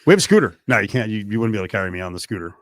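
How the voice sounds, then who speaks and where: A middle-aged man hosting a sports radio show in a studio, joking and animated. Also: lowish voice, very fast, no room sound. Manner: animated, joking, swings from mutter to near-shout. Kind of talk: casual sports talk. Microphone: studio mic.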